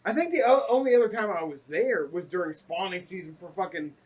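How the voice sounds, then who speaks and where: A man's voice: sits high, animated, brisk, darkish tone, far from the mic, low-quality recording. A man co-hosting a podcast, recalling trips in an easygoing, rambling way with fillers and swearing. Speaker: podcast co-host. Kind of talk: casual storytelling.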